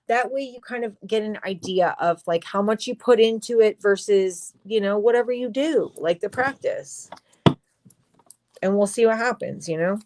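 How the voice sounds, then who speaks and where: A woman's voice: medium pitch, moderate pace, background noise. A young woman giving a livestream tarot reading, talking straight to her viewers in an emphatic way and swearing freely. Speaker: tarot reader.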